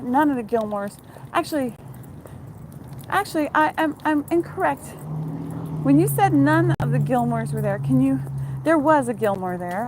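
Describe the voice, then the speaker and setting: A chatty woman records a casual vlog on her phone while she walks her dog outside at night. She talks easily, with a swear word here and there. Street noise is clearly heard behind her, with passing cars and jangling keys. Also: a little high. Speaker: vlogger and former TV costumer. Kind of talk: casual chat while walking dog, reading viewer questions. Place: outdoors on a town street at night.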